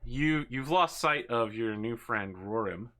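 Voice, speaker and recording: A man's voice: medium pitch, lively intonation, a little slow, crowd noise. A man narrating as game master of an online tabletop game, describing scenes and laughing often. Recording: online voice chat.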